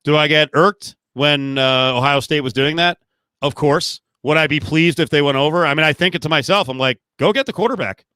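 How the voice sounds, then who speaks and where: A man co-hosting a casual sports podcast, animated and opinionated, his voice rising as he gets worked up. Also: fairly high pitch, a little fast, clear, resonant tone, no echo. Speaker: podcast co-host.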